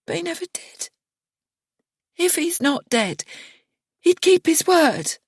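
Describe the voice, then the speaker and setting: A woman reading an audiobook voices a bitter, grieving young woman who drawls slowly and breaks into higher-pitched whispers. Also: sing-song, no echo, studio quality, exaggerated voice. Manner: slow drawling, whispered and shrill.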